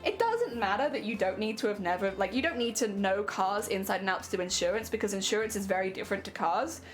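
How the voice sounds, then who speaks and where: A woman's voice: mid-range voice, animated, fast talker. A young adult woman chatting casually during a crafting stream, laughing often and repeating words as she talks. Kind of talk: casual chat while crafting.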